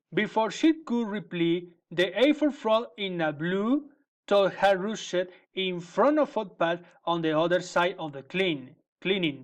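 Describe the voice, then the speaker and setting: A man reading a children's fairy tale aloud in a gentle, measured way. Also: high voice, lively intonation. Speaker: storyteller. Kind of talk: storybook reading.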